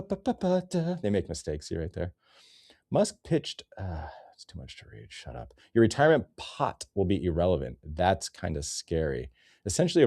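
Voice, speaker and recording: A man's voice: low-pitched, warm tone, no echo, clean studio sound. A man ranting in a sarcastic, rambling comedy commentary, cursing often.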